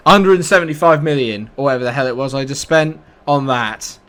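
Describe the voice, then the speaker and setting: This young British gaming YouTuber delivers live commentary on his own football game match, swearing with frustrated, sarcastic outbursts in British English. His voice is medium-pitched and a bit bright, and his pace is brisk.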